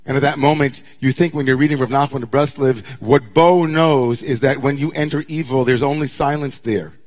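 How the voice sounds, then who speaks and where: A middle-aged man, a rabbi, giving a dramatic sermon that swings from hushed, drawn-out near-whispers to impassioned declamation. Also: medium pitch.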